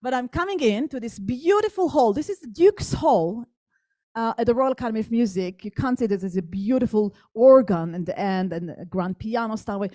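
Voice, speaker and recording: Higher-voiced woman telling a story. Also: animated, brisk, warm tone, dry recording. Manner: engaged, asks the audience questions. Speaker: guest speaker. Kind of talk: storytelling talk to an audience.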